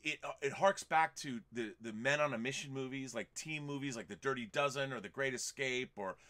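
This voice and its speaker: A man's voice: mid-range voice, brisk, fairly bright tone. A man hosting a casual movie chat, enthusiastic and digressive, talking in long run-on thoughts. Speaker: podcast host.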